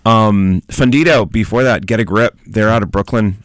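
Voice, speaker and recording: A man's voice: on the low side, normal speed, no echo, clean studio sound. A man hosting a radio show, chatting casually, hesitant and full of fillers. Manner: hesitant, filler-heavy, opinionated. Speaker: radio host. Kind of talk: casual on-air chat. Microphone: studio mic.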